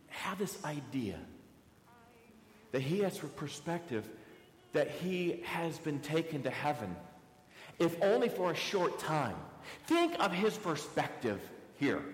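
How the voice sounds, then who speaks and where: A male pastor preaches slowly and deliberately, his voice rising and falling with animated swings in pitch. He leans on rhetorical questions and has the congregation underline key words. The sound carries a long, roomy church reverb. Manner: asks many rhetorical questions, tells listeners to underline words. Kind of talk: sermon. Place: church sanctuary.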